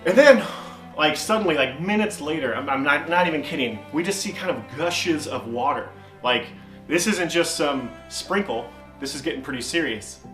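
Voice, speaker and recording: A man's voice: a little high, normal speed, reverberant, soft background music. A young man giving a casual youth sermon, telling a story with lots of energy and acting out the voices of the people in it. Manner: animated, acts out quoted voices, frequent "man" and "like". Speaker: youth pastor.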